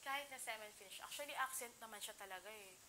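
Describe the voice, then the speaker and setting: A woman's voice: on the high side, very fast, a little hiss or hum, rough recording. A young Filipino woman with a Filipino accent, giving an enthusiastic, chatty walkthrough of a house for sale. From Philippines. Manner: chatty, enthusiastic, exclaims over features. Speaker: real estate house tour host. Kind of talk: casual walkthrough tour, mixing Tagalog and English. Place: indoors in an empty furnished house.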